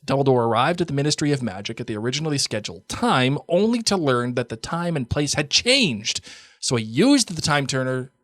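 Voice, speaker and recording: A man's voice: mid-range voice, big pitch swings, a little fast, a bit bright, no room sound. A man co-hosting a podcast, chatting casually and reading listener emails in an easygoing, amused way. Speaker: podcast co-host.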